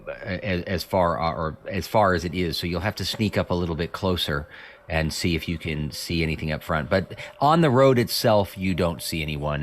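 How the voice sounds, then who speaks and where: A man narrating as game master of a tabletop game, easygoing and full of fillers. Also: low voice. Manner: relaxed, loose narration with fillers.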